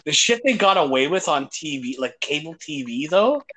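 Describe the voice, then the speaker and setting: Casting: slightly high-voiced guy, swears a lot, storytelling banter. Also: very animated, moderate pace, sharp tone, slight background noise. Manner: swears constantly, retells comedy scenes. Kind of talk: casual chat.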